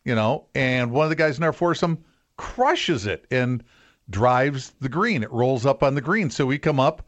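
A man's voice: medium pitch, normal speed. A man who is a guest radio host, telling stories in casual chat and acting out what people said. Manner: animated storyteller acting out quotes.

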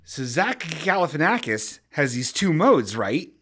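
A man talks through a casual comedy podcast, rambling and joking as he cuts himself off mid-thought. His pitch jumps around a lot and his tone is bright and forward. Loose, chatty delivery. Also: a little slow. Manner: rambling, animated, self-interrupting with jokey bits. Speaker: podcast host.

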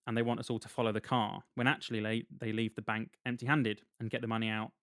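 A man's voice: lowish voice, level tone, quick pace, a bit bright, no room sound. A man, casually retelling a film's plot on a podcast with dry humor and frequent laughs. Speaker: podcast co-host recapping a film. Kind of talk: casual chat.

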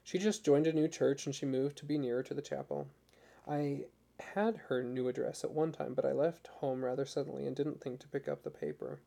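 A man voicing a shy, earnest young woman who speaks softly, politely and hesitantly. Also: mid-range voice, a little fast, gravelly, natural voice.

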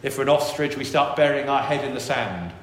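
A man's voice: medium pitch, brisk. Man giving a sermon in an echoey church, long reverb, faint hiss behind. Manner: animated, voices worried inner thoughts. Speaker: priest.

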